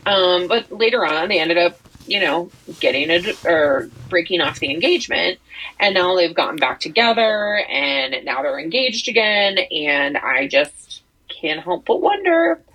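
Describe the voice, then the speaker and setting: A woman's voice: on the low side, sing-song, measured pace, sharp tone, husky, rough recording. A woman co-hosting a podcast, chatting casually about celebrity news, rambling with lots of fillers and restarts. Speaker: podcast co-host.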